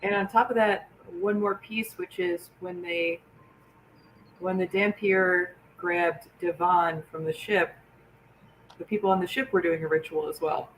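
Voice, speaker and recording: A man playing a tabletop game in character, talking in a plain, measured way. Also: high voice, steady tone, a bit bright, far from the mic, a little hiss or hum, rough recording. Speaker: player.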